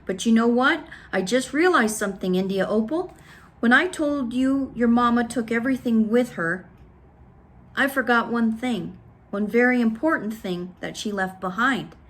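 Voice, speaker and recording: A woman doing a soft-spoken grieving preacher father. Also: on the high side, moderate pace, close to an everyday voice. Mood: soft, weary. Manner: soft, quiet, subdued. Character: gentle sad preacher father, middle-aged man.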